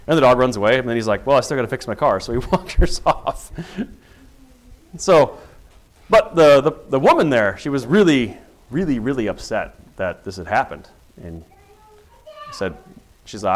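A man's voice: mid-range voice, animated, normal speed, long pauses. A middle-aged man, a police officer, telling a personal story in earnest and acting out the dialogue as a testimony of faith.

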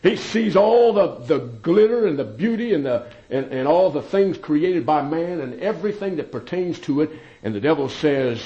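A man's voice: on the high side, lively intonation, normal speed. Emphatic male preacher, dull lo-fi recording. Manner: emphatic, swinging between loud peaks and quiet asides. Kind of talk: sermon.

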